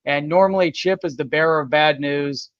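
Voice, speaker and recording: An upbeat, easygoing man co-hosting a casual live stream chat, who often chimes in with quick agreement. His voice is a little higher than most men's. The sound is very dry and somewhat muffled. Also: fairly bright tone, clean tone, no echo. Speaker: co-host.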